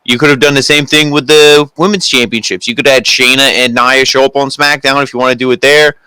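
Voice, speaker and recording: A man co-hosting a casual wrestling review show, joking and mimicking commentators and wrestlers in quick asides. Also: medium pitch, steady tone, pushed and bright, smooth, dry recording, rough recording. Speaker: podcast co-host.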